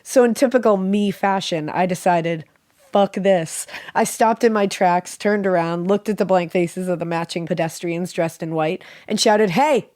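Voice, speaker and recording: A woman with a sick, slightly off voice reads a listener's dream story aloud as a podcast co-host. She tells it in an animated way, with joking asides. Her pitch is on the low side and the recording is close and dry. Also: normal speed, hardly any pauses, no room sound. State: sick, voice a little off.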